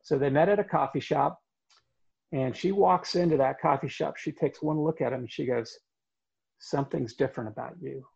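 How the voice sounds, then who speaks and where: A man telling a story in conversation, earnest and halting, with many fillers. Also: a little high, vocal fry, a little mellow, husky, lo-fi sound.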